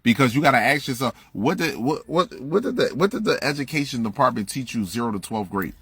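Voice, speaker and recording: Dude ranting on a phone live, swearing a lot, preachy, mid voice, super dry close sound. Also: male voice, medium pitch, expressive, a little fast, fairly bright tone, breathy edge, dry recording. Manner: blunt, profane, preachy, repeats himself. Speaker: livestream host. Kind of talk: heated livestream rant.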